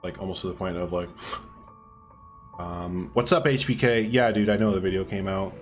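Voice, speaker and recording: A man's voice: deep voice, normal speed, soft background music. A man streaming live, chatting casually with viewers as he builds, rambling and laughing often while answering their messages.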